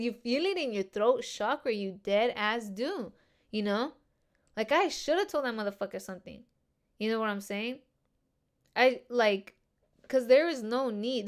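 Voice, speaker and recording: A young woman hosting a casual solo podcast, talking in a slangy, animated way and swearing a lot. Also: on the high side. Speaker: podcast host.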